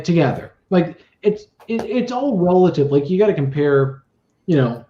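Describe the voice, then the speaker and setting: A man's voice: fairly high pitch, warm tone. A man co-hosting a podcast in casual chat, rambling and full of fillers as he argues a point. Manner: rambling, filler-heavy, argumentative. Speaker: podcast co-host. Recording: echoey, muffled room audio.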